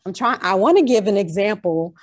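New york lady telling a faith story, animated, drawl slips in, casual chat. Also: mid-range voice, brisk. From Long Island, New York.

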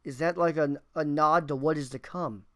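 Excited man reacting to songs. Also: a little high, normal speed. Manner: enthusiastic, thinks aloud, swears casually. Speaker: music reaction host. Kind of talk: casual reaction commentary.

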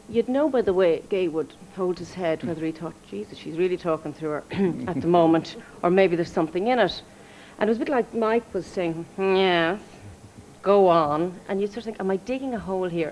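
A woman's voice: on the low side, a little mellow, slight background noise, poor audio. An Irish woman, a former researcher, telling humorous stories as a guest on a live television chat show. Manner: chatty, humorous storytelling.

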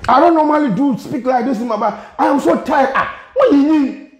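A Ghanaian man delivers an angry rant as a vlogger, swearing and circling back over the same words in exasperation. His voice sits very high for a man. The sound bounces around an echoey room. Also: moderate pace, muffled recording. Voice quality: exasperated, profane and repetitive.

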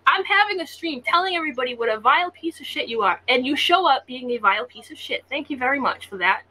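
A woman's voice: high voice, animated, fast talker, bright, forceful tone, poor audio. A woman hosting a livestream, talking in a slangy, blunt, mocking way on a stream call. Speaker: livestream host. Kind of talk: casual livestream chat. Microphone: online stream call audio.

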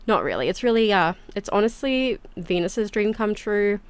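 A woman hosting a gaming channel, giving casual, chatty gameplay commentary with lots of quick exclamations. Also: mid-range voice, lively intonation, clear, resonant tone, no room sound.

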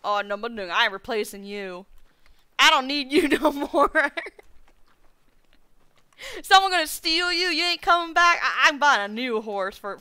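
A woman's voice: fairly high pitch, pushed and bright, clean tone. A woman streamer giving live gameplay commentary, thinking aloud and rambling to herself with playful folksy slang.

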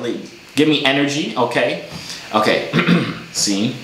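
A man's voice: mid-range voice, animated, a little slow, a bit bright, slight background noise. Teasing young man on a video call. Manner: teasing, joking. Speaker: host. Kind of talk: casual video-chat banter. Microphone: webcam or phone on a video call. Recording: roomy echo.

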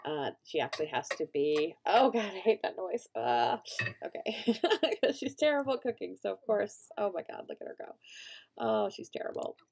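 This let's play gamer has a medium-pitched, sing-song voice, a little mellow with vocal fry, at a normal speed. She comments casually on her own gameplay, rambling through fillers and restarts and breaking into panicked shrieks and laughs.

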